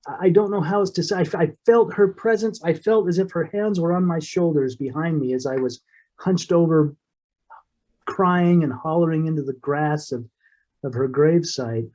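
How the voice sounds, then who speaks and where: A man's voice: a little high, warm tone. Earnest man telling an emotional story. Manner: earnest, emotional, halting with restarts. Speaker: interview guest. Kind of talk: personal storytelling in an interview.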